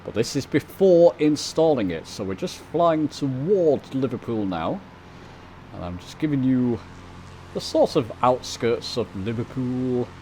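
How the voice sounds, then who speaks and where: A man from the UK talks casually over his flight simulator footage, pointing things out and chatting to his viewers. His voice sits at an ordinary middle pitch. A faint background hiss runs under the desk-mic recording. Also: animated, measured pace, darkish tone, low-quality recording. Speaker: flight sim video host. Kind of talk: casual commentary over gameplay.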